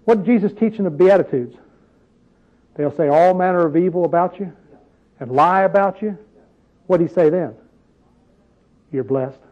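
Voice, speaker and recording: A man's voice: high voice, normal speed, pauses often, lo-fi sound. A man preaching a sermon in a conversational, emphatic way, full of rhetorical questions.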